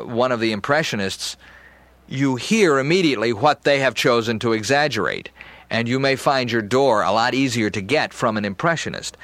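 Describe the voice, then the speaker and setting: Guy teaching impressions, calm measured talk, dry close sound. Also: medium pitch, no echo. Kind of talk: instructional talk.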